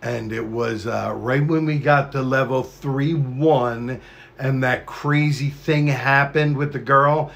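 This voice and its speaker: A man's voice: medium pitch, fairly even intonation, slow, gravelly, a bit bright. A man hosting a live stream, rambling in a profane, conspiratorial monologue to his chat.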